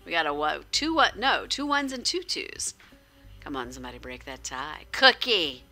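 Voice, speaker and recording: A woman streamer narrates a story game with a low yet very bright, sharp voice, taking her time over the words and tossing in dry, playful asides. Her pitch moves a lot as she reads, and soft music runs faintly underneath. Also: big pitch swings, moderate pace.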